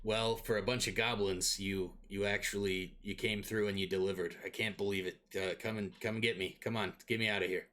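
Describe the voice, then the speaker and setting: A man putting on a grumpy male dwarf spirit stuck in a magic hammer for a tabletop game. He sounds impatient and grumbles insults. The voice sits a little low. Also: steady tone, brisk, hardly any pauses, fairly bright tone, a little hiss or hum, natural voice.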